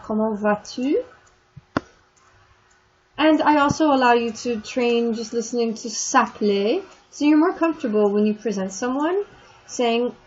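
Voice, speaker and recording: A woman teaching a French class in a recorded online lesson, explaining in a chatty way and stretching out the French words. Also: a little high. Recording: dull lo-fi screen recording with faint noise.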